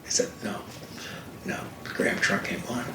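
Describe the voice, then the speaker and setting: An older man, a guest and racing TV commentator, telling stories emphatically in a casual fireside conversation, recorded from a distance in an echoey room. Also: moderate pace. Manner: animated, emphatic storytelling. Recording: echoey room, distant mic, faint hiss.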